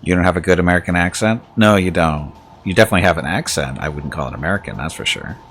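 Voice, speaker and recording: Low-voiced guy streaming a game, laid back, jokey, chuckles a lot. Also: animated, quick pace, fairly bright tone, a little hiss or hum. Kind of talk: casual gaming livestream chat.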